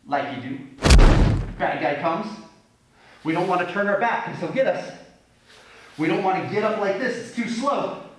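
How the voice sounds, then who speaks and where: A man's voice: high voice, a bit bright, slight background noise. A man leading a children's taekwondo class, upbeat and playful with goofy asides. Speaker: kids' taekwondo instructor in costume. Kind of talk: children's fitness class instruction. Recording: echoey room from a distance with music.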